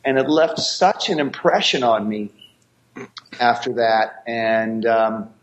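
In a dull-sounding clip, an American man who acts in martial arts films chats as a guest, telling drawn-out stories and restarting them again and again. He takes his time, with a medium-pitched voice.

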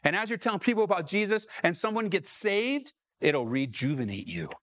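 A man's voice: high voice, sing-song, fairly quick, a bit bright, dry recording, clean studio sound. A man from Southern California preaching a sermon to his congregation in church, calling out questions to the room and driving his points home. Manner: preaching with rising calls to the congregation. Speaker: pastor.

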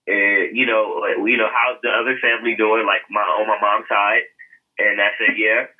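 Male podcast co-host with a sharp, raspy voice, telling his story earnestly and casually over a thin, phone-like line. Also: on the low side, little pitch movement, normal speed. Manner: earnest storytelling with frequent laughs and fillers.

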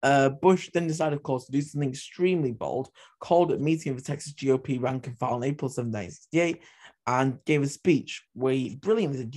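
A man's voice: mid-range voice, quick pace, a little mellow. A man hosting a history podcast, retelling events with passionate, opinionated asides. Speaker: podcast host.

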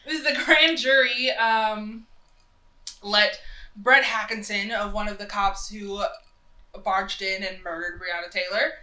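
A young woman talks in a loose, rambling way, full of fillers and restarts, and her voice sounds nasal and stuffed up. Her tone is bright and forceful. The room gives the recording a noticeable echo. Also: medium pitch, fairly even intonation, slow. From North Carolina. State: nasal from a cold. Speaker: podcast co-host. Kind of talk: casual opinionated chat.

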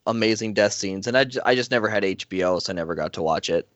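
A man's voice: lowish voice, quick pace, a bit bright, no echo, dull audio. A man as a guest in a casual podcast chat, chatty and upbeat, laughing often.

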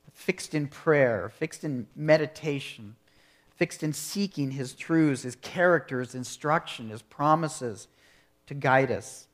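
A man delivers a sermon at a mid-range pitch. He speaks earnestly and at a measured pace, often posing rhetorical questions to his listeners. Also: a bit bright. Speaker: preacher.

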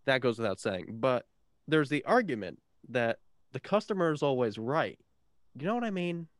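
A man's voice: medium pitch, sing-song, moderate pace, no echo, studio quality. A young man co-hosting a college radio show, chatting casually and making teasing jokes. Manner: joking, teasing. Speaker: radio co-host.

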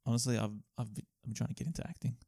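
Gravelly-voiced young man, dry close mic. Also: mid-range voice, racing, dry recording. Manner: joking, deadpan banter. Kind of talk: casual chat.

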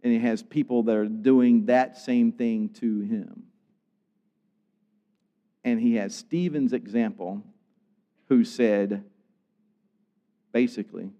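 A man preaching a sermon, acting out scenes and swinging from loud outbursts to hushed tones. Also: medium pitch, slow pace, long pauses, in a large hall, lo-fi sound. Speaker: pastor.

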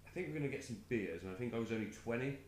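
A man's voice: mid-range voice, lively intonation, rapid-fire, darkish tone, reverberant. A man hosting a podcast who tells a rambling, anecdotal story in a casual chat. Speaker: podcast host.

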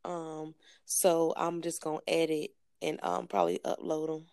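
A woman's voice: deep voice, completely flat delivery, normal speed, a little mellow, smooth, dry recording, clean studio sound. A woman guest on a podcast, chatting casually and hesitating with fillers. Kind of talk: casual chat.

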